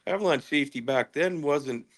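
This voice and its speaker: A middle-aged man telling a story as a podcast guest, casual and profane, animated as he recounts events. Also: a little high, normal speed.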